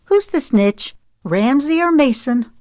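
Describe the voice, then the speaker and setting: A woman reading the part of a defensive, sharp-tongued divorced mother in an audiobook, in a dry recording. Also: medium pitch, expressive, normal speed, no echo, pitched above the performer's own voice, lightly acted.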